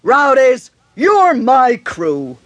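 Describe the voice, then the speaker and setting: Lady doing a swaggery bossy boy mouse, shouty commands, super slow, dry close sound. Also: medium pitch, sing-song, dry recording, pitched above the performer's own voice, heavily acted. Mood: commanding.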